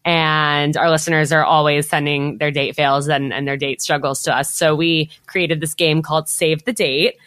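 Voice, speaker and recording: Podcast host lady, low voice, chatty and upbeat, dry close sound. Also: fairly even intonation, normal speed, hardly any pauses, fairly bright tone, no echo. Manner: chatty and upbeat, heavy with filler "like". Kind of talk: casual podcast chat.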